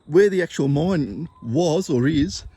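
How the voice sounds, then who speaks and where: A man's voice: a little high, expressive, takes it slowly, dark tone, slight background noise. Breathless man climbing a hill. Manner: out of breath, huffing while climbing. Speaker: metal detecting vlogger. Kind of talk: casual outdoor vlog. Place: steep hillside outdoors.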